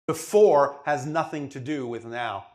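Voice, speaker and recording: A man's voice: medium pitch, a little slow. A man giving a channeled spiritual teaching to a questioner, with an emphatic, didactic delivery and frequent checks that he is understood. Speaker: spiritual speaker answering a questioner.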